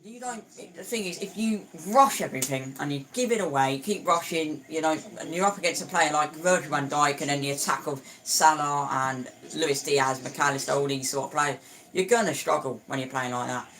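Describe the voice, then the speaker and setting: A man's voice: fairly high pitch, brisk, bright, forceful tone, slight background noise. A young man chatting through a live football match, opinionated, stumbling and restarting often. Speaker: football watchalong streamer. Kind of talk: casual live match commentary.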